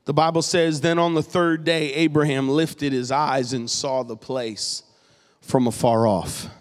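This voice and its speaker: A man from New England preaching a sermon as the pastor, animated and joking as he tells stories. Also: medium pitch, unhurried. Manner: animated, jokey storytelling preacher. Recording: long reverb in a large hall.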